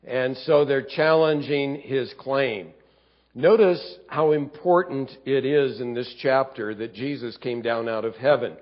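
A man's voice: mid-range voice, measured pace, lo-fi sound. A male pastor teaching a sermon, reading scripture aloud and explaining it verse by verse. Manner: teaching, reads scripture aloud and acts out grumbling voices. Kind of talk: expository sermon.

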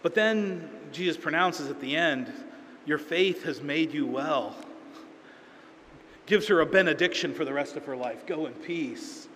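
A man's voice: on the high side, unhurried, fairly bright tone, a little hiss or hum. Man preaching a conversational sermon in a hall. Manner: conversational storytelling with acted-out quotes. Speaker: pastor. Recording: reverberant hall, faint ambience.

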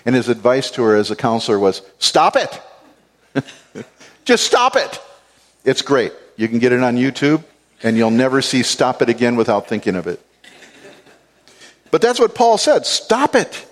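A man's voice: medium pitch, animated, fairly quick. A man giving an expository Bible teaching, explaining word meanings and repeating key phrases for stress.

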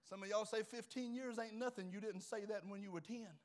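A man's voice: high voice, steady tone, a little fast. A man around sixty, preaching a fervent, folksy sermon to his congregation. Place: church in front of a congregation.

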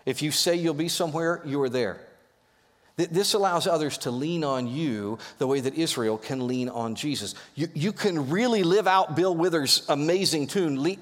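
A man preaching a sermon as pastor, lively and joking as he rallies his congregation in a church. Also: fairly high pitch, moderate pace. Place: church sanctuary. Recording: echoey hall.

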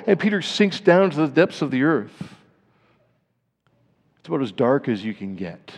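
A pastor preaching a sermon, his voice dropping to grave, hushed lows and then climbing to emphatic, rising peaks. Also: very animated, normal speed, long reverb tail.

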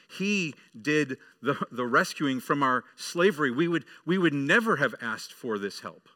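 A man's voice: medium pitch, bright, forceful tone. A male pastor preaching a sermon, telling a story to the children and building to emphatic preaching.

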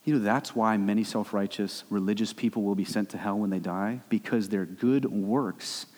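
A young adult male pastor preaching a sermon, with animated swings between loud, high bursts and low, quiet stretches. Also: normal speed. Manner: animated preaching, rising and dropping sharply. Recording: long hall reverb.

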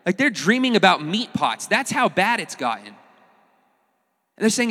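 A pastor preaching a sermon in a casual, animated way, with touches of humor. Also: male voice, high voice, normal speed, long pauses, big-room sound.

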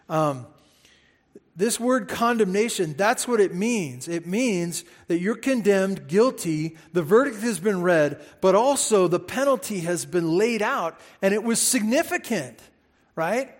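Male pastor, sermon delivery, emphatic and repetitive, somewhat high-pitched, reverberant church hall. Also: measured pace. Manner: animated, emphatic preaching with repetitions and asides.

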